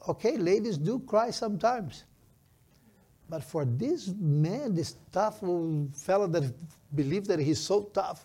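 A pastor in his fifties preaches a sermon, his voice sitting somewhat high for a man. He talks emphatically and stretches out the phrases he wants to land, with slightly non-native phrasing. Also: warm tone. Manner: emphatic, slows down for key phrases.

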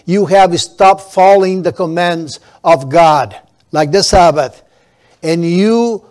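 In this sermon, a man preaches with emphasis, stretching out stressed words and frequently starting over. His voice runs slightly high and a little mellow.

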